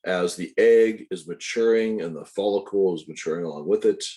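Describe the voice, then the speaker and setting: Guy teaching anatomy, low mellow voice, explains step by step and fixes his own slips. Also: moderate pace. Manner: explains step by step, corrects himself, asides to students. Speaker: anatomy instructor. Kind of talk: recorded lecture.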